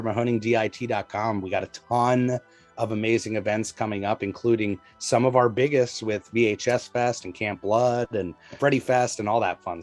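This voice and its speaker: Low-voiced guy hosting a chatty podcast, hyped, faint music underneath. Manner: excited, promotional, says "you know" a lot. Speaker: podcast host. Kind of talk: casual podcast chat.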